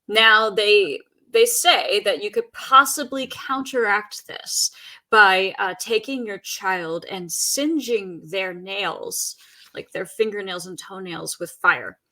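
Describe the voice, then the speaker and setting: A woman with a bright, forceful voice chats on a podcast, spinning folk legends in a loose, rambling way. She fills her sentences with ums and uhs while she tells the stories. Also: medium pitch, slow. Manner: storytelling folklore, chatty with fillers. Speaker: podcast guest. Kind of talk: casual chat.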